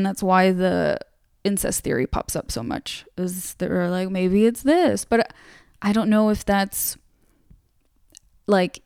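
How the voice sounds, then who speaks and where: A woman's voice: mid-range voice, a little mellow, clean tone, no room sound, clean studio sound. A woman hosting a casual true-crime podcast, retelling a case in a conversational way with plenty of fillers. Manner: conversational storytelling, many fillers. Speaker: podcast host.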